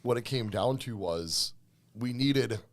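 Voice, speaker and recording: A man's voice: medium pitch, slow pace. A man co-hosting a podcast, laid-back and swearing in casual chat. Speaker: podcast co-host.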